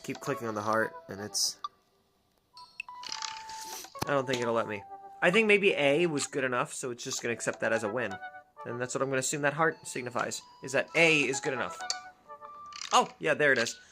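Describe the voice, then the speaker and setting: A woman's voice: rumbling low, fast, over music. A woman streamer chatting casually and musing aloud to her chat as she plays a dating game. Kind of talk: casual gameplay commentary.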